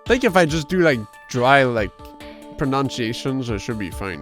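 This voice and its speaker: Canadian guy streaming a game, jokey, pitch bouncing a lot, bit of music behind. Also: lively intonation, moderate pace, fairly bright tone. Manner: joking, laughing, self-mocking. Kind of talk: casual gaming stream chat.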